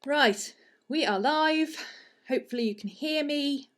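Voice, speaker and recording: A woman's voice: high voice, unhurried, a bit bright. A woman hosting a casual live stream from her desk at home, congested with a sniffly head cold and chatting in a rambling way. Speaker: livestream host and art teacher.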